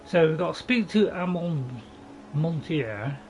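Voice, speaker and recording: A slightly high, slightly mellow male voice comes through a low-quality recording, animated yet measured in pace. Streaming a game, he gives casual, rambling commentary, cutting himself off and restarting, while crickets and insects sound constantly behind him.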